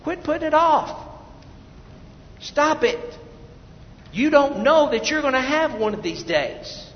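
A man's voice: very high-pitched, expressive, slow pace. Man preaching urgently in an echoey hall. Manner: swings from loud urgent preaching to hushed prayer. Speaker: pastor. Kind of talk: evangelistic sermon. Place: church sanctuary. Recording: dull echoey church hall recording with faint noise.

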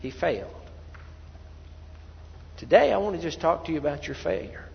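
A man preaching a sermon as pastor, swinging from quiet, low asides to loud, pleading cries. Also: very animated, moderate pace, gravelly, in a large hall, dull audio. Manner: preaching with sudden loud cries when voicing people praying.

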